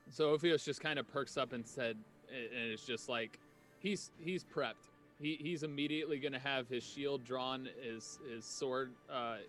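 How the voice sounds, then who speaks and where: A man playing a tabletop game, chatting quickly and describing his character's actions. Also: medium pitch, a bit bright. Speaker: player. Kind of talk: casual game talk.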